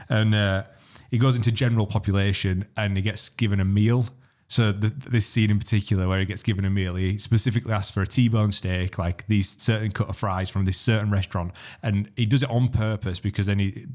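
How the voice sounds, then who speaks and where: A man with a fairly low voice talks through a film plot on a podcast. He rambles, restarts his sentences and swears freely, in a loose, casual chat. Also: a little mellow. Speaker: podcast host.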